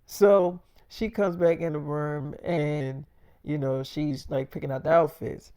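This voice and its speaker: A man's voice: fairly high pitch, fairly even intonation, a little slow, dark tone, smooth. A man telling a made-up first-person story in a loose, rambling, profane way. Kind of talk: freestyle role-play storytelling.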